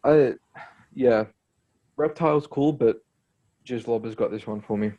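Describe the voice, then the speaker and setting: A man's voice: mid-range voice, measured pace, warm tone, highs cut off. A man co-hosting a podcast in casual chat, hesitant and searching for words as he talks music. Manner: hesitant, many fillers and restarts.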